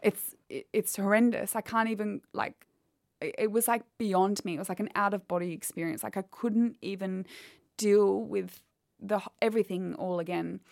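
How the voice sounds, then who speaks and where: A woman's voice: medium pitch, steady tone, normal speed, vocal fry, darkish tone, no echo, studio quality. A woman, telling a painful personal story candidly in an interview. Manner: candid, quotes others as she retells. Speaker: guest.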